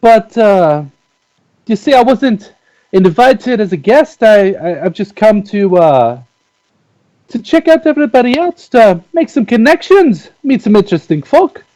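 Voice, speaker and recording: A man's voice: high voice, sing-song, unhurried, dark tone, poor audio. A man voicing an awkward, chatty male dwarf tinkerer in a folksy drawl, stumbling over fillers and restarts. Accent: put-on folksy drawl. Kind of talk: in-character tabletop role-play.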